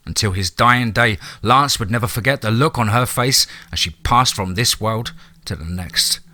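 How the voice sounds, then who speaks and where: A man narrating a scripted horror story in a measured, dramatic way. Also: fairly low pitch, sharp tone.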